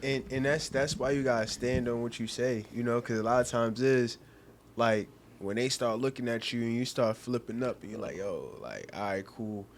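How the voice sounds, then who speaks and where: A man co-hosting a podcast with a middle-range voice and a relaxed, laid-back manner. He mostly chimes in with short words of agreement. Faint noise sits behind him. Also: medium pitch, moderate pace. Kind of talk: casual podcast conversation.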